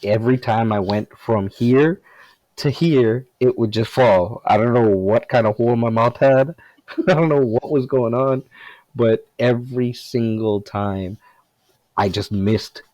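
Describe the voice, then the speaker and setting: A man's voice: medium pitch, unhurried, darkish tone, no echo, dull audio. A man, a former cast member, telling a funny story from the set in casual chat, laughing often.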